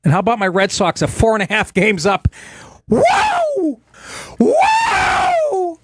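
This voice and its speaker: A man hosting a talk show with a voice that sits a bit high for a man. He tells casual, profane stories in a sarcastic tone. The sound is dry and close, with no room in it. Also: a bit bright, no echo. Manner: takes on voices for quotes. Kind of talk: casual comedic monologue.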